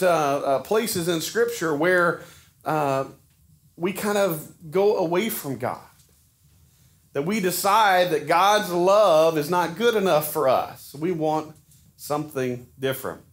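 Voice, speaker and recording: In the sanctuary, a pastor from Arkansas preaches with an animated voice that sits high, keeping a measured pace. He talks to his church in a homey, conversational manner and restarts frequently.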